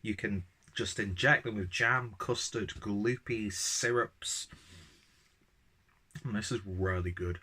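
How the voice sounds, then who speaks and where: Guy rambling thru a beer review, lowish voice but bright and punchy, lots of ums. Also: slow, pauses often, slightly rough. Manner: enthusiastic, self-mocking, rambling with ums. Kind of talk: casual tasting review.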